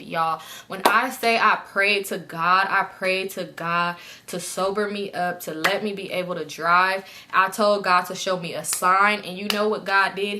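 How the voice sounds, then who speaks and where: A young woman vlogger casually telling a story straight to her viewers, animated and chatty. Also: mid-range voice, background noise.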